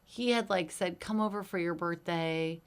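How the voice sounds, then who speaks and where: A woman co-hosting a casual podcast, telling stories in a lively way, acting out quotes and using lots of "like" and "um". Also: fairly low pitch, normal speed, smooth. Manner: animated storyteller, lively acted-out quotes; many fillers like "like" and "um". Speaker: podcast co-host, hairstylist.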